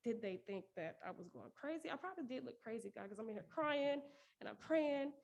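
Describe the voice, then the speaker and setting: A woman with a high, light voice performs a spoken word piece framed as a prayer. She speaks earnestly and pleadingly, and laughter keeps slipping into her lines. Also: expressive, a little fast, vocal fry. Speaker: poetry performer.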